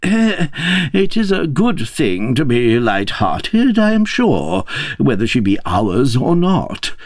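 A man's voice: medium pitch, wildly swooping pitch, takes it slowly, a little mellow, no room sound, studio quality, voice pushed up. A man reading a storybook aloud and voicing a quarrelsome, self-satisfied king. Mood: triumphant. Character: quarrelsome, pompous king, middle-aged man.

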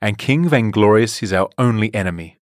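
A man's voice: fairly low pitch, little pitch movement, normal speed, no echo, clean studio sound, close to an everyday voice. A man reading a storybook, voicing a young elf heroine who sounds weary and then defiant. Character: brave young elf queen, thirsty and defiant.

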